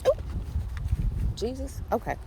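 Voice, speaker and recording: A woman's voice: measured pace, background noise. A woman giving a casual walking tour of a cemetery, talking to viewers through a handheld phone, chatty and apologizing for her cursing. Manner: chatty, apologizes for cursing, exclaims when startled. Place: outdoors in a windy cemetery. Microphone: handheld phone camera.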